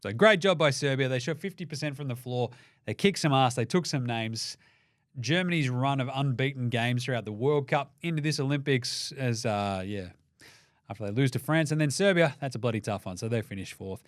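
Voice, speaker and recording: Sweary sarcastic Australian sports host. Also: male voice, fairly high pitch, no room sound, clean studio sound. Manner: sarcastic, swearing, swings between mutters and loud outbursts. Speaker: basketball show host. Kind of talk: profane sports commentary rant.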